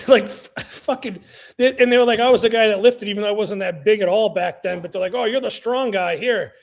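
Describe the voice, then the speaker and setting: A man in his thirties on a casual podcast, telling animated stories with lots of swearing. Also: sits high, fairly quick. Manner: animated, swearing, laughs between lines. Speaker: podcast co-host.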